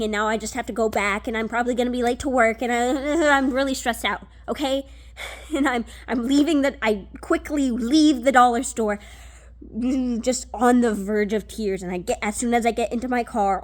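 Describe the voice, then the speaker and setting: Young woman vlogger, casual storytime, slightly high voice, animated with lots of fillers. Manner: animated retelling, frequent fillers and restarts, swears.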